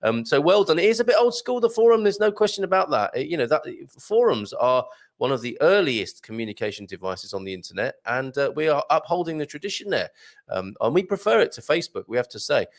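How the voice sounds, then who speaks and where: A man's voice: fairly high pitch, sing-song, fast talker. A light-hearted man hosting a live chat show, reading out viewer comments and laughing often. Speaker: host.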